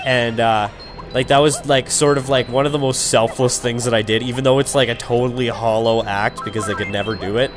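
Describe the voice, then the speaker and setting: A young Canadian man, mid-pitched, talking loosely to his viewers as he plays, with "like" in nearly every phrase. He drifts from one thought to the next in a casual, unscripted way. Faint game music plays under his voice. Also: fairly even intonation, moderate pace. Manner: rambling, heavy on "like" and swearing. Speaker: let's play commentator. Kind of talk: casual gameplay commentary.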